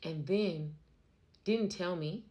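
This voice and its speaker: A woman's voice: fairly low pitch, slow pace, warm tone. An American woman vlogging, telling a personal story to camera in an emphatic, emotional way and repeating herself for stress. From United States. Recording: noisy background.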